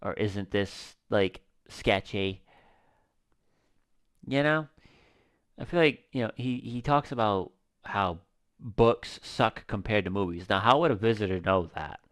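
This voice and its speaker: A man's voice: fairly low pitch, lively intonation, measured pace, a bit bright. Casual swearing gaming commentator man. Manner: casual, swearing, thinking aloud. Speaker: gaming YouTuber. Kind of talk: let's-play commentary.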